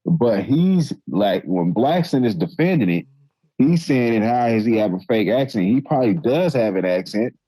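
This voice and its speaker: A man co-hosting a casual podcast, calmly explaining his opinion in a laid-back way. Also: mid-range voice, moderate pace, slightly rough, no room sound, low-quality recording. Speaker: podcast co-host. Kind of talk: casual debate chat.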